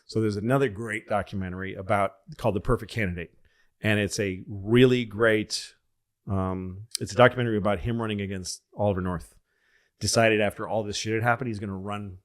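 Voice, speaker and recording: A man's voice: lowish voice, steady tone, brisk. A man telling casual, rambling, profane stories and often correcting himself. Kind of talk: casual comedic storytelling.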